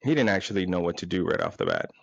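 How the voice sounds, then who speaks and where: A man's voice: deep voice, huge pitch swings, quick pace, vocal fry, no room sound, dull audio. A man in his forties, hosting with a crude, rambling, self-mocking comedic monologue. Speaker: podcast host.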